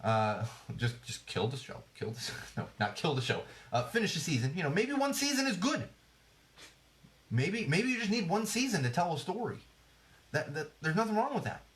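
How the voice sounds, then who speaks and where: A man's voice: high voice, very animated, moderate pace, a bit bright. Guy in his 30s riffing on a podcast, sarcastic, lots of uhs, voice bounces up and down a lot. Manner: rambling, sarcastic, with frequent fillers and restarts. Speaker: podcast host. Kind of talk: casual commentary on TV trends. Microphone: podcast microphone.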